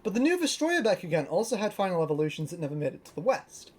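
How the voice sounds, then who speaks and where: Talking at a quick pace in a medium pitch, this young adult from Britain shows off their toy collection in a relaxed show-and-tell, rambling excitedly and leaning on lots of fillers.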